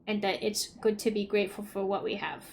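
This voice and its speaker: A young woman chatting casually while livestreaming a game, swinging between mumbled asides and loud squeals. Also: mid-range voice, flat delivery, fairly quick, slight background noise. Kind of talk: casual gaming stream chat.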